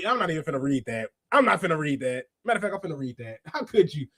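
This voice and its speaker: A man hosting a wrestling review podcast, chatting casually and slangily, reading out chat comments and bursting into laughs and shouts. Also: a little high, fast, hardly any pauses, no room sound. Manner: excitable, laughs often and breaks into shouts; slangy, talks straight to chat readers. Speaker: podcast host.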